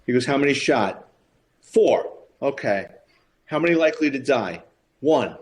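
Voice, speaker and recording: A man's voice: mid-range voice, normal speed, slight background noise. A man in his fifties, a retired police officer, telling stories as a podcast guest and acting out the voices of the people in them. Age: 50s. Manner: lively storyteller acting out quoted voices, chuckling as he talks. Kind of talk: anecdotal storytelling.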